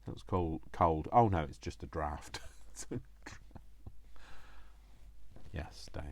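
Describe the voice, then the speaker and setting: A man with a deep, low-pitched voice hosts a casual crafting video. He rambles cheerfully and pokes fun at himself. He keeps breaking off to talk to himself as he works at his table. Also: slow, darkish tone, no echo. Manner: rambling, self-mocking, talks to himself. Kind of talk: casual crafting chat while working.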